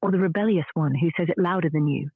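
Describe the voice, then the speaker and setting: A woman's voice: fairly low pitch, fast, slightly rough, no echo. A woman's AI voice with a British accent, chatting in a witty, dry, frank way. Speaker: AI voice assistant. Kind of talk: conversational chat. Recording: tinny phone-like audio.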